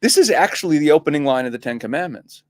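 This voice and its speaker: A man, a rabbi, talking as a guest on a studio talk show, animated and laughing often, restarting and repeating words as he explains. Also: a little high, fast. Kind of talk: casual talk-show conversation.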